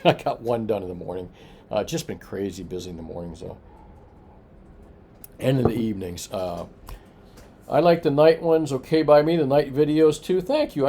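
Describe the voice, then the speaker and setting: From his coin shop in Florida, a man with a medium-pitched, slightly mellow voice hosts an informal evening price report, talking loosely with plenty of filler while replying to viewer comments.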